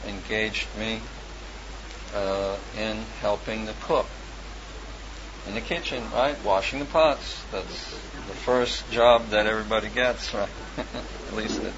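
Speaking slowly in a low voice, a man looks back on his life in a rambling, casual memoir, often chuckling and full of fillers and restarts. Background noise is present, and the lo-fi recording has clear ambient sound.

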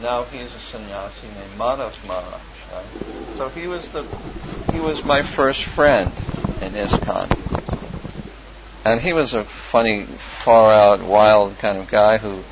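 In a lo-fi recording with background noise and clear ambience, a man reminisces about his past. His voice is on the low side and a little slow, and his casual storytelling meanders with fillers, restarts, and frequent chuckles.

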